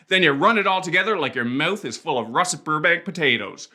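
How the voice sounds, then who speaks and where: A man's voice: a little high, animated, fairly quick, pushed and bright. A man with a Prince Edward Island accent, delivering a playful, rhythmic comic spoken-word monologue. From Prince Edward Island, Canada.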